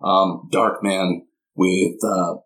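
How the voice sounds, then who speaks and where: A man playing a tabletop game, describing his character in a relaxed, unhurried way. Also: low voice, low-quality recording. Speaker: player. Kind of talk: tabletop role-play.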